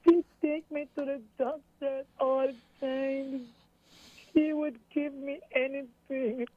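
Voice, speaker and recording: Tearful at moments, this middle-aged Jamaican mother of a missing woman goes back over events involving her daughter in an emotional interview, quoting what she was told. She speaks slowly in a high voice with fairly even intonation. The dry, tinny recording carries no room sound, much like a phone.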